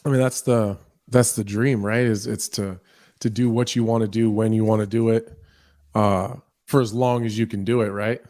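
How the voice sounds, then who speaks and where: A man's voice: fairly low pitch, steady tone, moderate pace, a little mellow, dry recording. A man from Nebraska co-hosting an interview, laid-back and loose-tongued, swearing casually between fillers. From Nebraska, USA. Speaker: co-host.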